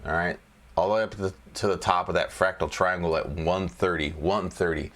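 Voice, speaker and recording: A man with a somewhat low voice talks his way through stock charts in a loose, joking manner. He repeats phrases as he thinks aloud and keeps it casual, like a relaxed trading lesson. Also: a little fast. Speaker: trading educator.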